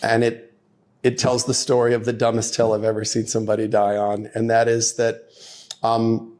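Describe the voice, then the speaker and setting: Animated man telling a courtroom story. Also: moderate pace. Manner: animated storyteller, acts out quotes with raised pitch. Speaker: divorce lawyer telling a story. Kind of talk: casual anecdote.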